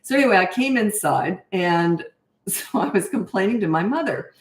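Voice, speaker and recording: A woman's voice: mid-range voice, expressive, normal speed, echoey room. A woman in her sixties, a parenting coach answering questions in a casual livestream, telling stories in a chatty way with fillers and laughs. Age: 60s.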